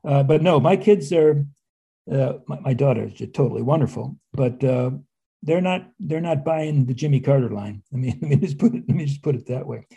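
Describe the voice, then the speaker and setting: Older man, husky mellow voice. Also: medium pitch, a little fast. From United States. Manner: rambling, with restarts and wry asides. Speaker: author and historian guest. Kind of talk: conversational interview.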